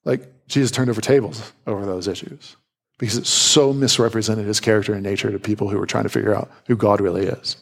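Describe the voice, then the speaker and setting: A gravelly-voiced male pastor preaches in a lively, conversational way. He sprinkles in playful asides, and his pitch shifts abruptly when he mimics reactions.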